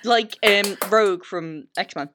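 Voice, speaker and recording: An English woman co-hosting a casual podcast chat, joking and self-mocking in an animated way. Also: medium pitch, slow, noisy background. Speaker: podcast co-host.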